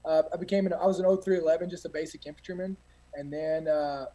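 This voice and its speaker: A man's voice: on the high side, fairly even intonation, fast talker, mellow, rough recording. A man, a guest telling boot camp stories in a rambling, profane way with many fillers. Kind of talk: casual storytelling.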